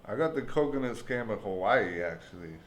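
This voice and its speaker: A man from San Francisco hosting a casual podcast chat, easygoing and profane, often answering with a quick "yeah". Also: on the low side, animated, a little hiss or hum. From United States, San Francisco. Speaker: podcast host.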